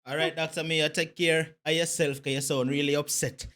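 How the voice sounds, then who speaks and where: A man hosting a live call-in show, taking callers briskly and reassuringly. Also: fairly high pitch, flat delivery, a bit bright. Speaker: host.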